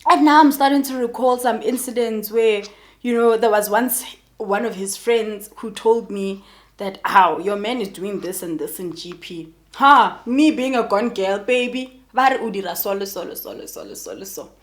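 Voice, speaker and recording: With a voice on the high side at normal speed, a young woman YouTuber from South Africa chats casually through a personal story in her South African accent. She's lively and talkative, speaking right to viewers and calling them "guys."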